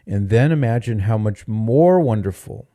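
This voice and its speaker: A man's voice: on the low side, expressive, moderate pace, mellow, no echo, clean studio sound. A man hosting a call-in radio show, speaking to a caller in a reassuring, encouraging way. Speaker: radio host.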